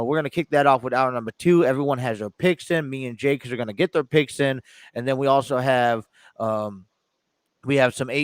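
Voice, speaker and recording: Casting: male podcast host, middle pitch, loose rambling chat, dry close sound. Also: no room sound. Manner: rambling, many fillers and restarts. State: stuffy. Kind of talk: casual chat. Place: home studio in his living room.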